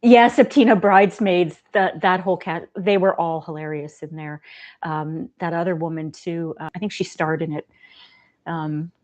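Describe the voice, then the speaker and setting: A woman hosting a casual livestream, talking in a gentle, chatty way and laughing often. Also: sits low, fairly even intonation, normal speed. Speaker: livestream host.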